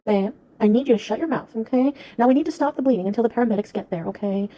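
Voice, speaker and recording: A woman acting as a patronizing emergency dispatcher in a comedy skit. She rattles off questions at a fast clip in a dark, mellow voice, flat and condescending. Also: on the high side, natural voice. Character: rude incompetent female 911 dispatcher. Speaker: skit actor.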